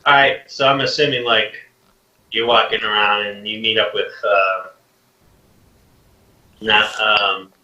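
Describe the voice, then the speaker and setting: A man narrating a tabletop game as game master, casual and halting. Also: on the low side, flat delivery, bright, forceful tone. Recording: roomy, distant, dull lo-fi mic.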